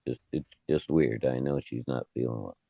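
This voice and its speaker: A man telling a story in a laid-back, halting way with sighs. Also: extremely low pitch, vocal fry, heavy background noise. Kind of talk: casual storytelling. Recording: muffled lo-fi mic.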